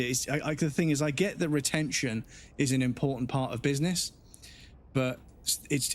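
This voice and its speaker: A man streaming a game, a father, ranting bluntly and swearing in casual talk. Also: mid-range voice. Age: adult with children. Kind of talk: casual live-stream rant.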